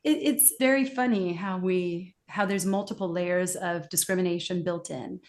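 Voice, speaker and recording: Lively woman explaining. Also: lowish voice, moderate pace. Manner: animated teaching, acts out quoted reactions. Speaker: guest expert on accents. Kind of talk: explanatory interview talk.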